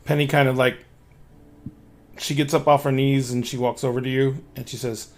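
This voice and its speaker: A man's voice: mid-range voice, level tone, normal speed. A man narrating as game master of a tabletop game, loose and full of fillers.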